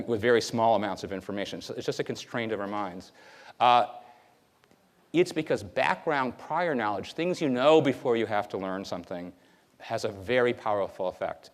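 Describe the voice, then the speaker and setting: Lecturer, man, mid-pitched, chatty classroom delivery with many "okay?" checks. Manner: lively, conversational, frequent fillers and "okay?". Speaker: university lecturer. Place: lecture hall.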